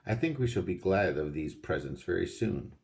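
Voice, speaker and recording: Man voicing a responsible older boy, calm, take-charge, storybook, dark low voice. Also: normal speed, gravelly. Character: steady, responsible oldest boy.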